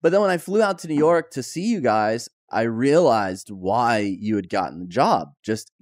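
A man hosting a podcast, interviewing his co-host and recounting a shared story, growing animated as he retells it. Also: mid-range voice, normal speed, no echo, clean studio sound. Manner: conversational, animated when retelling.

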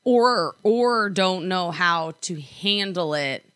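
Bright-voiced young woman chatting. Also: on the low side, animated, slow pace, no room sound, clean studio sound. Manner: chatty, lots of likes and restarts. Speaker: podcast co-host. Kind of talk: casual chat. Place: apartment.

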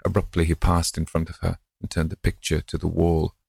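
Deep, gravelly male narrator. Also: monotone, a little fast, a little mellow, no room sound, studio quality. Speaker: audiobook narrator. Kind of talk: scripted narration.

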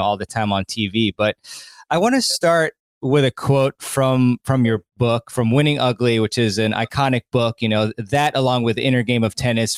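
A man's voice: medium pitch, clean tone, no room sound, studio quality. A man hosting a podcast, talking in a rambling, enthusiastic way with lots of fillers and restarts. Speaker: podcast host. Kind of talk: casual conversational intro and interview.

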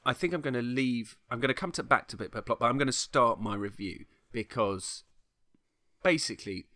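A man's voice: mid-range voice, a little fast, sharp tone, no room sound, clean studio sound. A middle-aged man, chatting casually on a podcast as he retells a film plot, enthusiastic and full of restarts. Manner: rambling, enthusiastic, many restarts. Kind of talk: casual chat.

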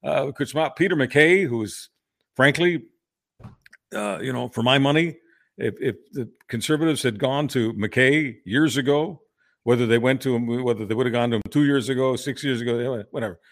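A man's voice: mid-range voice, normal speed, fairly bright tone. A man co-hosting a political podcast, opinionated and emphatic, often restarting his sentences. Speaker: podcast co-host. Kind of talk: casual political chat.

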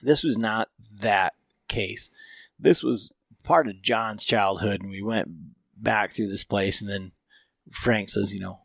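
A man's voice: on the low side, takes it slowly, creaky, fairly bright tone, no echo, clean studio sound. A man hosting a podcast, telling a long story in a rambling, profane way with lots of fillers. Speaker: podcast host.

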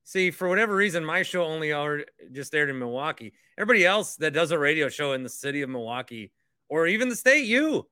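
Podcast host guy, bright forceful voice, kinda high, rambles and jokes around, dry close sound. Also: big pitch swings, fast talker, no echo. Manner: rambling, joking asides. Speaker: podcast host, former radio host. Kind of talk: casual podcast chat.

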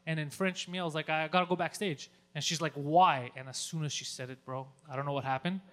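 A Greek stand-up comedian from Greece tells a story in casual chat, animated and profane, acting out lines he shouts. His voice sits a little high and moves at a quick pace.

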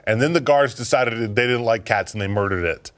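A man's voice: mid-range voice, fairly quick, noisy background. Laughing, swearing young man chatting. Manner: swearing, laughing, animated storytelling. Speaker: podcast co-host. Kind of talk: casual chat.

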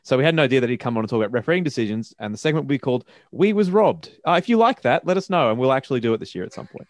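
A young Australian man hosting a casual sports podcast, joking and quick with lots of fillers. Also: medium pitch, lively intonation, no echo. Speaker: podcast host.

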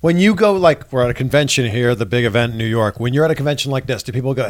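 A man's voice: mid-range voice, lively intonation, fast. A man hosting an interview at a convention, asking curious, conversational questions. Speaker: interview host. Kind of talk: casual interview chat. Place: wrestling convention in New York.

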